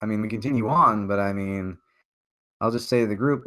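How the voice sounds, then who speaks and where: A man's voice: lowish voice, brisk, bright, forceful tone. A man playing a tabletop game, speaking for his character in a casual, hesitant way. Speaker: player. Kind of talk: in-character tabletop role-play.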